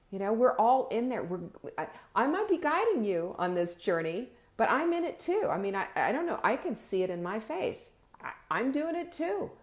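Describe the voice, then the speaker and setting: A woman gives an emphatic, motivational live-stream talk and speaks straight to her viewers. She stretches out her key words and often repeats a word before she carries on. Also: mid-range voice. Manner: addresses viewers warmly and directly, reads their comments aloud. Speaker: host of a live video show.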